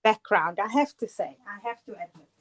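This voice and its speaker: In a mid-range, slightly bright voice, she talks a little fast and animatedly. She's a middle-aged guest crafter from Cape Town with a South African accent, casually demonstrating card making live while chatting, laughing a lot and making fun of herself.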